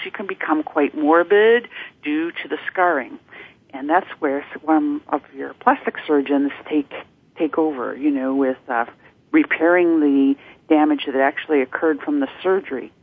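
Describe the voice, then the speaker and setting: Guest: woman, measured and clinical, slightly husky, phone line. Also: deep voice. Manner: informative, measured, clinical terms. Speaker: guest from a support network. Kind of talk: radio interview.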